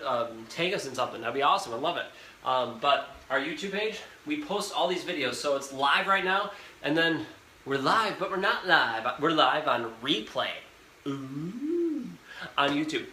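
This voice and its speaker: A young man chats his way through a live cooking stream, rambling and talking right to the viewers in a voice a little higher than most men's. He is recorded in an echoey home kitchen, with a fan humming clearly behind him. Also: animated, moderate pace, sharp tone. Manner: chatty, rambling, talks straight to viewers. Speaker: host of a live cooking show. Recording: echoey kitchen with background noise. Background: fan noise.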